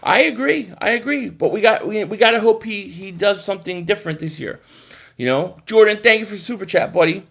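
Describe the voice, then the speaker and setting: A high-pitched young man, chatting on a live stream. He rambles and repeats himself, excitable and loose, reacting to viewer comments as he goes. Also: brisk, gravelly. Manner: rambling, excitable, repeats words, sings short chants. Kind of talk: casual live stream chat reading comments.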